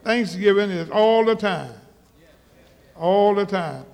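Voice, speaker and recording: High-voiced preacher in a reverberant church. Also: male voice, lively intonation, takes it slowly, creaky. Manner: emphatic, repeats himself, rises to loud exhortation. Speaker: pastor. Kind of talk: sermon. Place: large church auditorium. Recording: church hall with long reverb.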